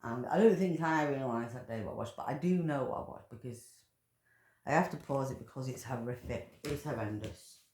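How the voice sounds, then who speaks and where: A woman's voice: rumbling low, fairly quick, darkish tone. A woman ranting in angry commentary, full of swearing and emotional outbursts. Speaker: vlogger commentator. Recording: echoey room.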